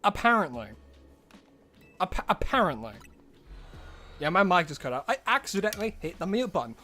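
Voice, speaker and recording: A man's voice: high-pitched, sing-song, moderate pace, a bit bright, faint music behind. A man streaming a video game in casual live-stream chat, rambling and exclaiming to himself as he plays.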